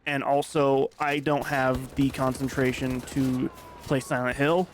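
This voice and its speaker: A man's voice: mid-range voice, little pitch movement, measured pace, a little hiss or hum. A man in casual gaming chat, laid-back and laughing easily while giving backseat directions to the player. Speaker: co-commentator on a game playthrough.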